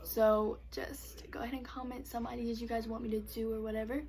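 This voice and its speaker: A young woman telling a casual storytime vlog, animated, swearing freely and saying "like" constantly. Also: fairly high pitch, brisk. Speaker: vlogger.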